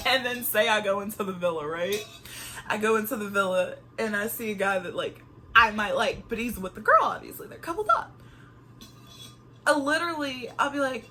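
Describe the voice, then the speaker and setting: A woman chatting to camera in an animated way, reviewing a reality show and laughing often. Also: mid-range voice, moderate pace, long pauses, slight background noise. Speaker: vlogger reviewing TV shows. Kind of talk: casual chat to camera.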